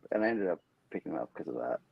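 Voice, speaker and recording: A man chatting as a podcast guest, telling stories with lively acted-out quotes. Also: very deep voice, vocal fry, slightly rough, dry recording, highs cut off. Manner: animated storyteller, acts out quotes. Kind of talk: casual podcast chat.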